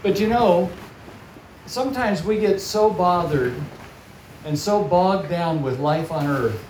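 A man preaching a sermon as a guest speaker, telling stories warmly. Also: sits high, a little hiss or hum. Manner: warm storytelling, animated in acted quotes. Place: large hall or church, audience present. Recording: echoey hall, picked up from far off.

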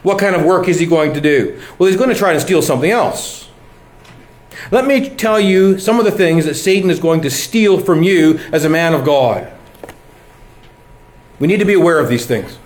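A man's voice: fairly high pitch, lively intonation, moderate pace, pauses often. A middle-aged man preaching a sermon, earnest and building to emphatic exhortation. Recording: echoey room.

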